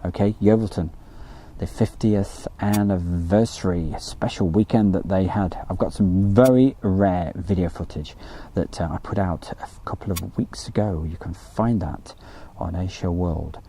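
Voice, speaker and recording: A man's voice: deep voice, moderate pace, mellow, slight background noise. A man hosting a casual live stream from outdoors by an airfield, chatty and joking as he reads out viewer messages.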